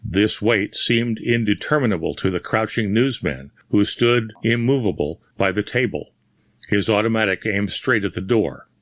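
A man narrating a horror story in a measured, dramatic reading. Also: on the low side, a bit bright, dry recording, clean studio sound. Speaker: audiobook narrator. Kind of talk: scripted narration.

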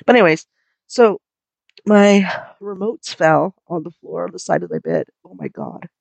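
Hoarse, sick woman podcaster. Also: fairly low pitch, moderate pace, a little mellow, dry recording, poor audio. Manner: rambling, swearing, laughing at herself. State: hoarse and coughing from illness. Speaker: podcast host. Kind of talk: casual chat.

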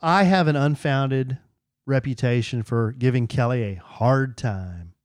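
A man's voice: mid-range voice, measured pace, no room sound, clean studio sound. A man co-hosting a podcast, playful and mock-aggrieved as he jokes in casual chat. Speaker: podcast co-host. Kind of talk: casual chat and comedic rant.

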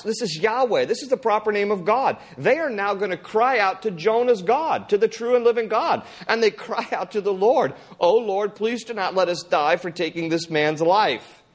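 High-voiced man preaching casually. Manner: casual, joking retelling with acted asides. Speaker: pastor. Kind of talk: sermon.

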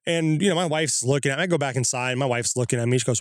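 A man tells a first-hand story in a casual, animated way, his voice jumping higher whenever he acts out what he said at the time. He sits at an average pitch for a man, and the sound is dry and close, recorded outdoors. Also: fast talker, no room sound. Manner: animated, acts out his own quoted reactions with rising pitch. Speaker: guest telling his own UFO sightings. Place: outdoors in the woods.

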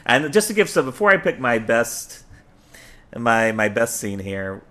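A man's voice: mid-range voice, sing-song, a little slow, fairly bright tone. A man hosting a podcast, chatting casually and telling stories with enthusiasm and laughter. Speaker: podcast host. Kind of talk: casual chat.

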